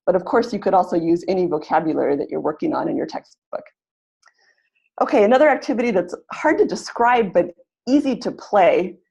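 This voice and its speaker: A woman leading a webinar for language teachers, explaining in a practical teaching tone and slowly modeling example sentences. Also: on the low side, gravelly, darkish tone, breathy edge, muffled recording. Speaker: teacher trainer. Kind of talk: webinar presentation. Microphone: computer mic in an online webinar.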